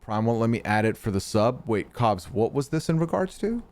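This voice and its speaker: A man's voice: medium pitch, sing-song, moderate pace, a little mellow. A young man from Canada, hosting a live stream in casual chat, answering his chat and teasing trolls with some swearing. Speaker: streamer host.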